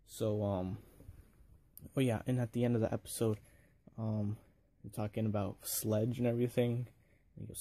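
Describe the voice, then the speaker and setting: A man's voice: on the low side, creaky, mellow, slightly rough. A young man giving a casual, rambling video review, full of fillers and enthusiasm.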